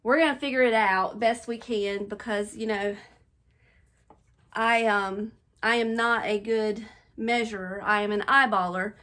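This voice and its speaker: A woman's voice: medium pitch, fairly even intonation, a little slow, fairly bright tone. A middle-aged woman chatting casually to viewers as she decorates her bedroom, a little out of breath. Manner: chatty, talking to viewers while working. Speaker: home decor vlogger. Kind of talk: casual chat while decorating. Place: home bedroom.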